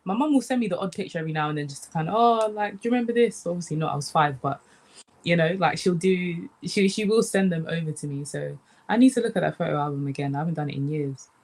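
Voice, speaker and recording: A young woman from the UK, a comedian chatting casually in an interview, animated and relaxed, often saying "man". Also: low voice, quick pace. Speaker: comedian guest.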